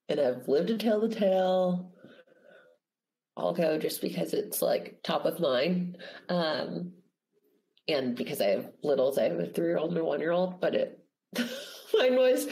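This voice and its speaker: Animated, lower-voiced woman podcaster. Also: low-quality recording. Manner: animated, emphatic, laughs often. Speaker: podcast co-host, mother of two young kids. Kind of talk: casual chat.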